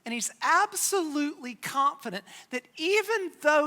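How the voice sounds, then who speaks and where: A pastor preaching a sermon, retelling a scripture story with dramatic pauses and dropping low for emphasis. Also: expressive, pushed and bright. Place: church sanctuary. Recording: long church hall reverb.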